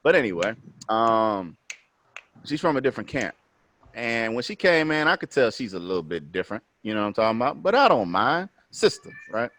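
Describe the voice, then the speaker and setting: A man from Virginia telling a story in casual podcast chat, slangy and animated, acting out what others said. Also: mid-range voice, brisk. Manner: animated, slangy, acts out quotes. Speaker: podcast co-host. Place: podcast studio.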